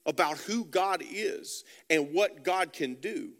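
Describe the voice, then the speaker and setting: Pastor, male, high bright voice, fervent sermon delivery, stammers into repeated phrases for emphasis. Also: slow, big-room sound. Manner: passionate, repeats words while building a point.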